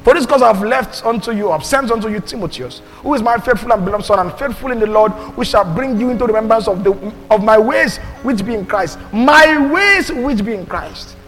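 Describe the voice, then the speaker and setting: A high-pitched man preaches from the pulpit, reading scripture aloud and swinging between forceful emphasis and near-whispered asides. His voice rings with long hall reverb, and faint music plays under him. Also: fast, hardly any pauses. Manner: emphatic, swings between loud and hushed delivery. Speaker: pastor.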